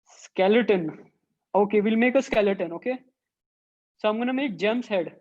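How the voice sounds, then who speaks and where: A woman's voice: mid-range voice, moderate pace, a little mellow, muffled recording. A woman who teaches an online drawing workshop for children and thinks aloud as she sketches. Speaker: art teacher.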